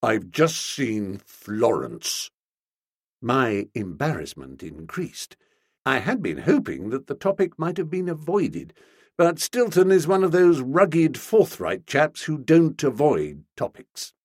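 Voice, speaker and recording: A man reading a comic story aloud with a wry, playful delivery and a voice that swings widely in pitch. His tone is slightly husky and raised in pitch, recorded close and dry with no room sound. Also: sing-song, unhurried, no echo. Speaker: audiobook narrator. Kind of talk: scripted comic narration.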